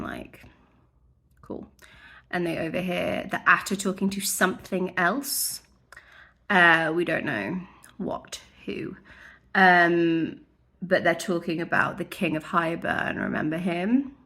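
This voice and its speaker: A woman's voice: lowish voice, bright, forceful tone. Sweary, chatty young woman. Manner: chatty, sweary, wry asides. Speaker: book vlogger. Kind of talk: casual spoiler recap.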